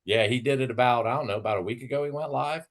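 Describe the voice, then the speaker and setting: A man's voice: medium pitch, rapid-fire. A man hosting a live stream, ranting and mocking in casual, profane chat.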